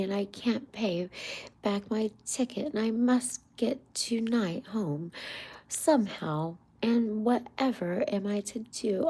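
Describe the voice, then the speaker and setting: A vain male toad pleads in a raised, breathy, husky storybook voice, as a woman reads him aloud. The delivery is slow and whispery. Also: mid-range voice, mellow, pitched above the performer's own voice, heavily acted. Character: boastful male toad posing as washerwoman.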